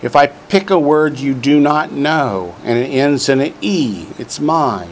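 A man leads a classroom grammar lesson, reading from the textbook and drilling each word aloud. He speaks slowly and carefully, with a dry sense of humor in his asides. A faint hum of room noise sits underneath. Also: a little high, lively intonation. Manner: dry joking asides between drilled words. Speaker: Hebrew teacher.

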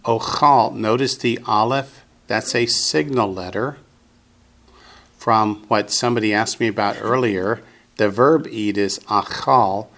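A man's voice: fairly low pitch, unhurried, a bit bright, a little hiss or hum. A man teaching Biblical Hebrew in a classroom, patiently drilling students with call-and-response.

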